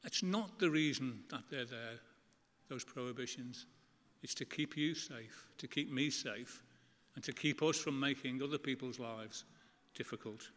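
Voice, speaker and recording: A middle-aged man preaching a sermon to a church congregation, earnest and conversational, with emphatic pauses. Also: medium pitch, fairly bright tone. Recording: long church reverb.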